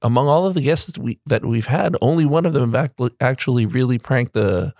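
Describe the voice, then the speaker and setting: A man's voice: medium pitch, expressive, a little fast, a little mellow, dry recording, clean studio sound. A man hosting a casual interview, laughing often and asking short questions. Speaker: podcast host.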